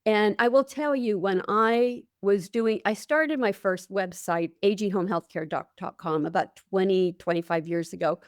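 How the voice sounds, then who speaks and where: A woman of middle pitch hosting an interview podcast, recorded dry with no room sound. She speaks earnestly, backing her points with client stories and statistics. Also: a little slow, few pauses, no room sound. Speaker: podcast host, nurse. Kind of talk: interview conversation.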